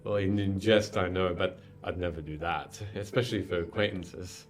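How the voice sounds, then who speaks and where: A man's voice: low voice, steady tone, normal speed, voice pushed down, close to an everyday voice. A man voicing a polite, apologetic female innkeeper who speaks formally and hesitantly. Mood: courteous.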